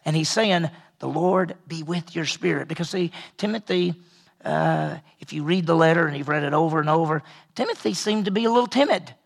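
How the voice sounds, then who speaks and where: An earnest male pastor teaching scripture in a conversational sermon, his voice a little high and gravelly. He repeats phrases as he builds a point and sinks into a hushed tone to stress it. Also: fairly quick. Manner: earnest, repeats phrases, often drops to a quiet voice for emphasis. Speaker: pastor teaching a Bible study.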